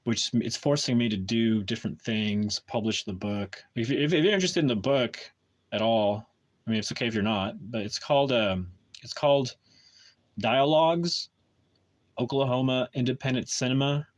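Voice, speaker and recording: A man's voice: mid-range voice, normal speed. Hesitant man chatting on a live stream. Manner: hesitant, many restarts and fillers. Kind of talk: casual live-stream chat.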